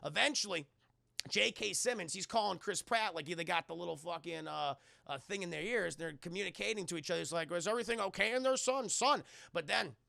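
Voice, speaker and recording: Gravelly crude-talking streamer, a man. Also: fairly high pitch, fairly quick, no room sound. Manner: crude, animated, talks to chat. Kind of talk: casual film recap.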